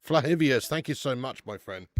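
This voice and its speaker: Hosting a live football watch-along, a man talks in a chatty, laddish way, swearing and addressing viewers as mate and lad while erupting loudly whenever a chance comes in the match. His mid-range voice is expressive at a normal speed, with clean studio sound and no room sound.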